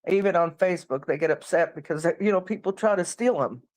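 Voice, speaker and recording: A woman's voice: fairly low pitch, a little fast, darkish tone, dry recording. A woman from New Mexico ranting heatedly and swearing as a panel guest on a live stream. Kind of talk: casual live-stream chat.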